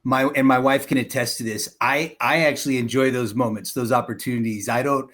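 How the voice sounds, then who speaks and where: A middle-aged man talks as a guest in a casual interview, measured and gracious. He speaks at an easy conversational pace and laughs often. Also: medium pitch, fairly even intonation, fairly bright tone. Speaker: guest, real estate company president.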